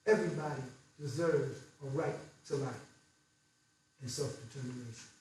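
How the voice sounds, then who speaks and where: A man's voice: mid-range voice, moderate pace, a little mellow, slight background noise. An older man from the United States giving a fiery, blunt political lecture to an audience, repeating phrases for emphasis. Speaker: guest speaker. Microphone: distant room mic. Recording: echoey hall recorded from far off.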